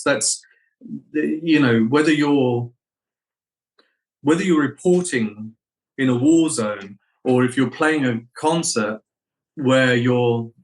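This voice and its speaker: A man's voice: medium pitch, poor audio. Middle-aged male actor, interview guest, storyteller who acts out voices. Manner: animated anecdotes, acts out quoted voices.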